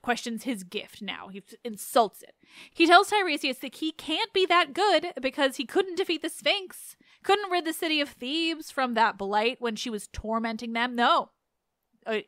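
A young adult woman hosting a podcast, retelling an old play in a chatty, animated way. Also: fairly high pitch, moderate pace, no echo, clean studio sound. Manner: chatty, animated, laughs and restarts. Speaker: podcast host. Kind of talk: casual myth retelling.

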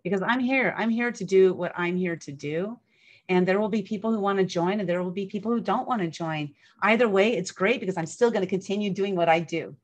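A woman's voice: mid-range voice, a little fast. A woman in her fifties hosting an event, speaking candidly and enthusiastically in a casual motivational talk, often repeating herself. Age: 50s. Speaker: event host.

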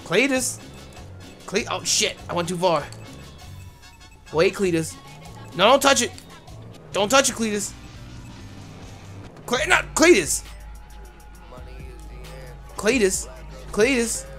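A man streaming a driving game live, joking loudly and crudely and yelling at the characters on screen. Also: high voice, lively intonation, slow pace, pauses often, soft background music. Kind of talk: live gameplay commentary.

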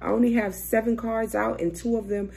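A woman's voice: a little high, steady tone, a little fast, vocal fry, dark tone, breathy edge. A young woman doing a casual, chatty tarot reading, swearing freely and thinking aloud as she turns cards. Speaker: tarot reader.

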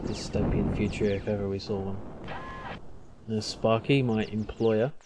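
A man commentating a game, reading its text aloud with relaxed asides. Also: lowish voice, unhurried, noisy background. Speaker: gameplay commentator.

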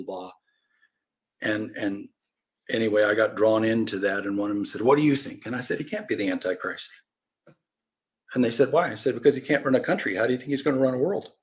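A man preaching a Bible-study sermon in animated storytelling style, acting out quoted voices and swinging from loud cries to quiet asides. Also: fairly low pitch. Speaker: pastor teaching a Bible lesson.

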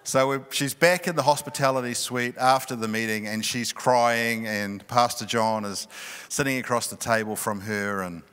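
A middle-aged male pastor telling a personal story in a sermon, animated and often laughing. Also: medium pitch, moderate pace, clean tone. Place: large church hall. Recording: long reverb of a church hall.

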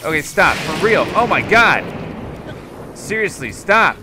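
A man narrating his own gameplay in a loose, jokey way, laughing often and yelping when things go wrong. His pitch sits somewhat high and swings widely, and his tone is bright. He keeps an unhurried pace between his outbursts. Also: faint music behind. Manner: excitable, laughs often, yelps and exclaims. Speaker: gameplay channel host. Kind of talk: casual let's-play commentary.

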